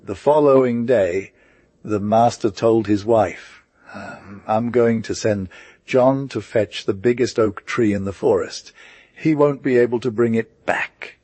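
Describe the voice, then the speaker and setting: Slow, husky male audiobook narrator. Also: fairly low pitch, darkish tone, dry recording. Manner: slow, measured reading with small slips. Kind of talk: storybook folktale narration.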